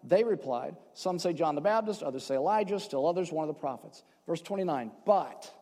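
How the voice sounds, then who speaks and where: A man preaching in a church sanctuary with a high-pitched voice, his words trailing into a long hall reverb. He talks conversationally, tossing in asides and jokes, then drops to a hush and slows down for emphasis. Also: lively intonation. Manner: swings between loud emphasis and hushed, slowed phrases. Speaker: pastor. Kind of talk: sermon.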